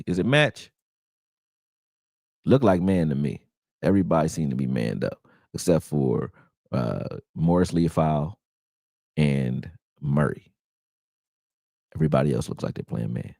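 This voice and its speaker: A man's voice: low-pitched, vocal fry, no room sound, clean studio sound. A young man hosting a casual, profane breakdown of football game film, talking straight to his viewers. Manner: animated, profane, exasperated, talks to viewers as y'all. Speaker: sports channel host breaking down game film. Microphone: close desktop mic, screen sharing.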